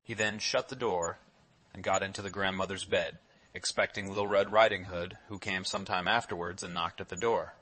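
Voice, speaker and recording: A man reading a classic fairy tale aloud in a measured, expressive storytelling manner. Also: low voice.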